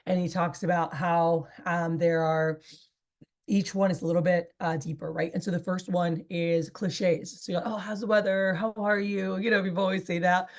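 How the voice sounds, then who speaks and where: A woman's voice: fairly low pitch, level tone, moderate pace, a little mellow. A woman in her thirties leading a sales training session, chatty and rambling with many fillers. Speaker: sales team leader. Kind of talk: casual training talk.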